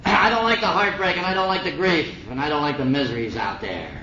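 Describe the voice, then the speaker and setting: Folksy middle-aged man, slightly high voice. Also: quick pace, sharp tone, a little hiss or hum. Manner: folksy, slangy storyteller with wry humor. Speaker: recovery meeting speaker. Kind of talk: personal testimony talk. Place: meeting hall before an audience. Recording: old echoey lo-fi recording with audience.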